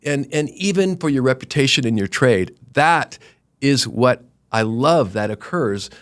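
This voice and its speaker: A middle-aged man, a company founder, telling stories earnestly in an interview, animated, often restarting his sentences. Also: medium pitch, a little slow. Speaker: guest, roofing company founder. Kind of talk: conversational interview storytelling.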